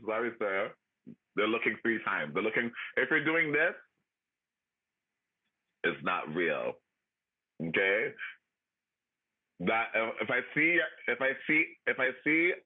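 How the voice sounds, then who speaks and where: Animated, sassy man on a tinny line. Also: on the low side, slow, long pauses. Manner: animated, profane, laughing, sassy. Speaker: livestream host. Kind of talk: casual chat, ranting. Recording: tinny phone-like audio.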